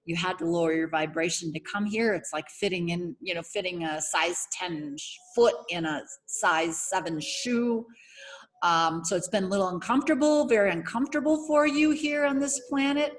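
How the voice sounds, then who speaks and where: A woman's voice: on the low side, normal speed. A woman giving a casual spiritual oracle card reading as a coach, searching for words with many fillers and restarts. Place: home setting.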